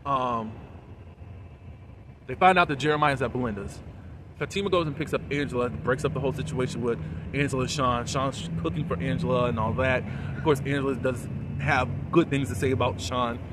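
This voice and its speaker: A man giving a casual, animated recap and review of a TV episode, full of fillers and quoted lines. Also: medium pitch, fairly quick, background noise.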